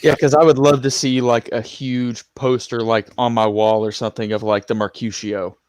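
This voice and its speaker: A man's voice: mid-range voice, flat delivery, moderate pace, darkish tone, no room sound, studio quality. A man on a podcast panel asking questions and chatting in an easygoing, curious way. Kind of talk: casual podcast chat.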